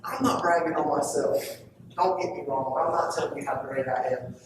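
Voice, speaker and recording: Male pastor mid-sermon, emphatic then hushed; far-off mic, big church echo. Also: a little high, normal speed, background noise. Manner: preachy, swinging from loud to hushed. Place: church sanctuary. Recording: echoey church heard from far off.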